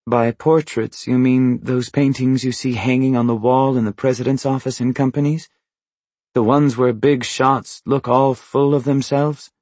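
A man's voice: mid-range voice, flat delivery, moderate pace, darkish tone, no room sound, voice pushed up, natural voice. A man reading an audiobook, voicing a guarded young woman who asks clipped, probing questions in a slightly raised tone. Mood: wary. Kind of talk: audiobook character voice.

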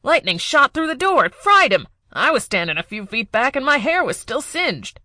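A rattled henchman blurts out news in a high, loud, panicked voice, as a woman narrator puts him on. The recording is dry and close. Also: very animated, normal speed, no echo, full character voice. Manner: shouting, panicked.

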